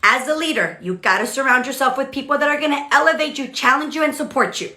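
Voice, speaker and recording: A woman with a high voice talks fast in a roomy-sounding space. She's a leadership coach on a livestream, speaking casually, bluntly, and animatedly, constantly checking in with "okay?" and "right?"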